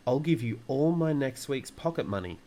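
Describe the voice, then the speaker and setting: A man's voice: medium pitch, expressive, moderate pace, dark tone, slight background noise, pitched above the performer's own voice, natural voice. A man voicing a clever, determined little girl in a storybook reading, speaking earnestly.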